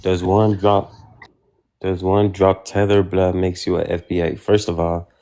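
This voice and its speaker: A man from Texas joining an online panel as a guest, reading out a prompt and giving his opinion in a slow, measured way. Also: low-pitched, little pitch movement, warm tone. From Texas, United States.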